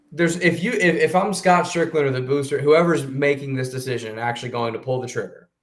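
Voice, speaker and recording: Animated male sports podcast co-host. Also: mid-range voice. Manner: animated, emphatic, quick restarts. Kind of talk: casual sports talk.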